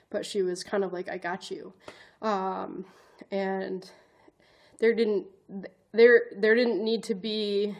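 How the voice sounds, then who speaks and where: Her voice is medium in pitch and a little mellow as this woman, a vlogger, advocate and educator, relates a personal story. The account is earnest yet self-conscious and emotional, meandering through restarts and repeated "like" fillers.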